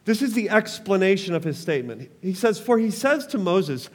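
A man's voice: high-pitched, sing-song, moderate pace, big-room sound. A man preaching a sermon as pastor, passionate, calling on the congregation to respond.

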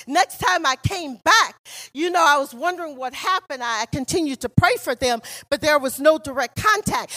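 A middle-aged woman preaching a sermon in a church, telling stories and rising often to passionate shouts. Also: high-pitched. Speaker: guest preacher. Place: church sanctuary.

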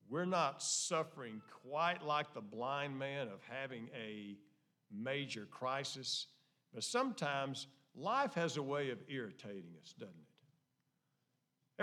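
A man preaching a sermon in a folksy style, swinging between hushed low lines and loud excited outbursts. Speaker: pastor. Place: church sanctuary.

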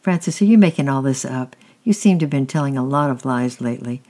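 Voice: mid-range voice, expressive, fast talker, warm tone, natural voice. A reader voicing a stern mother who speaks sharply and scolds her son in a storybook reading. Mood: sharp suspicious.

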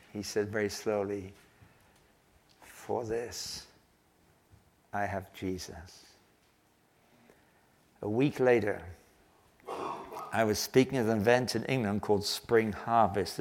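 An older man preaching a sermon, telling a story earnestly and slowing down to stress key phrases. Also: lowish voice. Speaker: pastor.

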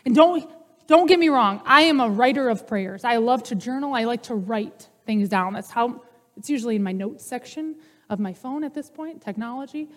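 A woman's voice: on the high side, normal speed. A woman pastor giving a conversational, humorous sermon. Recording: long hall reverb.

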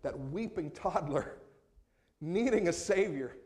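A man preaching a sermon as pastor, moving between quiet, slowed passages and raised, emphatic appeals. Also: on the high side, lively intonation.

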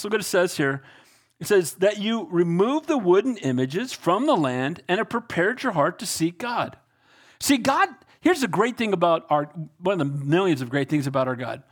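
A man preaching a sermon as a pastor, emphatic and conversational, often asking the congregation "amen?" and "right?". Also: high-pitched. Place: church sanctuary before a congregation.

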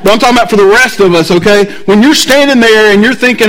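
A man's voice: high voice, quick pace, few pauses, poor audio. A man in his thirties or forties, a pastor who preaches in a casual, storytelling way and keeps checking in with the congregation. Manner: conversational, animated, asks the congregation frequent checks like "right?". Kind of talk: sermon with storytelling.

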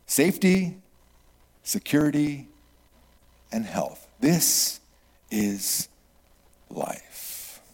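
Animated man preaching in a reverberant hall. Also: on the high side, extremely slow, pauses often, husky. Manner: animated, swings from loud exclamations to hushed whispers. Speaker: pastor. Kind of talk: sermon. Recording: long reverb of a large hall.

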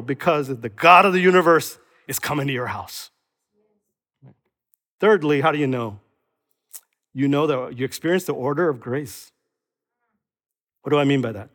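A man preaching to his congregation in a high, bright voice. He keeps asking rhetorical questions and now and then acts out other people's voices. The sound rings with the long reverb of a large church hall. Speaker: pastor. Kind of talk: sermon.

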